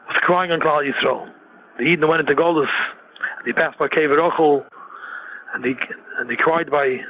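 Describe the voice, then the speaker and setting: A man's voice: a little high, breathy edge. A man giving a Torah sermon, repeating phrases and firing off rhetorical questions. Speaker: Torah teacher. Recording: narrow phone-like radio sound.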